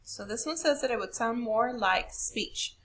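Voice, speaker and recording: A woman's voice: on the high side, a little slow, a bit bright. A woman teacher walking a class through a poetry question, patient and step by step, asking rhetorical questions. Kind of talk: recorded classroom lesson.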